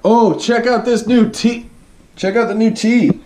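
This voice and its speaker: A man's voice: extremely high pitch, fairly even intonation, unhurried, darkish tone, echoey room, pitched above the performer's own voice. A man doing a voice for a young male gym-goer who drawls and shows off. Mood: showing off.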